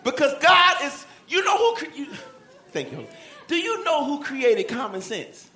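Man, preacher, sermon, high bright voice, animated, shouts then hushes, roomy church, faint congregation. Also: a little slow, some chatter behind. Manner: animated, shouting and dropping to a hush, acts out Bible figures.

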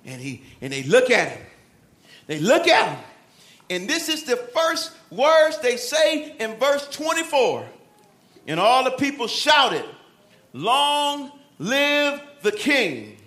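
High-voiced shouting preacher, echoey church. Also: male voice, unhurried. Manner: animated, shouting and dropping to a hush, acts out Bible figures. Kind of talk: sermon.

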